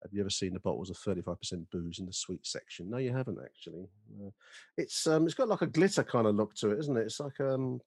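A man's voice: lowish voice, animated, quick pace, a little mellow, no echo, studio quality. A man co-hosting a podcast, reading mock adverts in a jokey, sarcastic way and laughing often. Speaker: podcast co-host.

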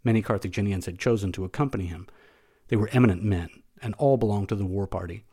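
Low-voiced man narrating an audiobook. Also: fast, mellow, breathy edge. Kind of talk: audiobook narration of a classic novel.

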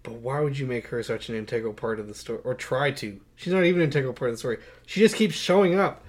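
A young man co-hosting a casual film podcast, mocking and getting loud and animated as he rants. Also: medium pitch, fast talker. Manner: mocking, gets loud and animated when ranting. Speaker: podcast co-host. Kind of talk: casual movie chat.

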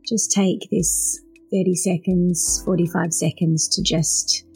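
A woman hosting a podcast interview, gentle and apologetic in her questions, with faint music behind her. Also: fairly low pitch, flat delivery, slow, breathy edge. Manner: gentle and apologetic, thanks warmly. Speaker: podcast host.

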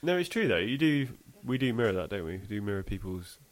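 A man's voice: fairly low pitch, quick pace. A man co-hosting a podcast, chatting casually and laughing often. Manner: laughs often, animated and playful. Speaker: podcast co-host. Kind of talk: casual chat.

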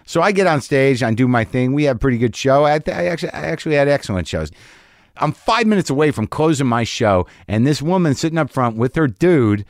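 Male comic, mid-pitched, lively swooping delivery, crude storyteller, dry studio sound. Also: a little fast, no echo. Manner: profane, animated storyteller. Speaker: comedian guest. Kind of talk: podcast interview, storytelling.

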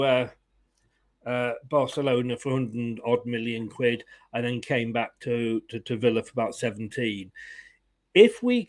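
A man hosting a casual football fan live stream, chatty and opinionated, often laughing as he greets viewers. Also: mid-range voice.

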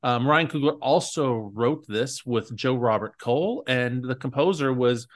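A man's voice: medium pitch, measured pace. Rambling, chatty podcast host man. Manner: chatty, rambling with many fillers. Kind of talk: casual chat.

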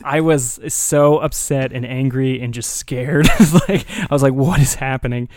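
A man's voice: medium pitch, steady tone, unhurried, background noise. A young man hosting a casual chat, telling a story in a laid-back way, laughing often and swearing casually. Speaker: podcast host.

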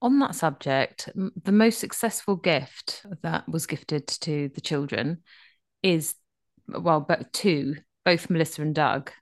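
Woman, lowish voice, rambling, enthusiastic, casual chat. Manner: rambling, enthusiastic, quick asides. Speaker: podcast co-host.

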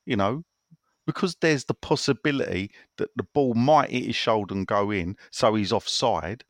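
A man co-hosting a casual football podcast, opinionated and animated as he reads listener messages. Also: medium pitch, a little slow, dry recording, clean studio sound. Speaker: podcast co-host.

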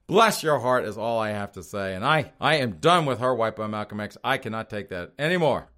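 A man's voice: on the low side, animated, normal speed, a bit bright. A man hosting a podcast from a studio, giving mocking commentary in a sneering tone and laughing at his own jabs. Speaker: podcast host. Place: studio outside Boston.

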